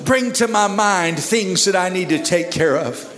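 A man preaching an impassioned altar-call sermon at a church service, moving between hushed and shouted prayer. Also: high-pitched, expressive, measured pace. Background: musicians playing.

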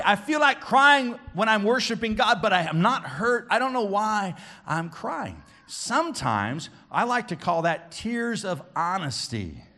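A man leads a children's church service, his voice swinging widely from high shouts to quiet, earnest talk. The tone is bright and forceful, somewhat high for a man. He plays to a room of kids, teasing and coaxing them. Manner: booming and playful with the kids, dropping to soft and earnest. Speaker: children's pastor. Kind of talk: lively children's church sermon.

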